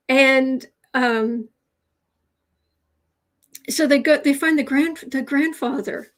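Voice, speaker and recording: A woman's voice: high-pitched, slow, long pauses. Chatty woman hosting a tarot livestream. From United States. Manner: chatty, digressive storytelling. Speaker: tarot reader, livestream host. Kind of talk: casual livestream chat.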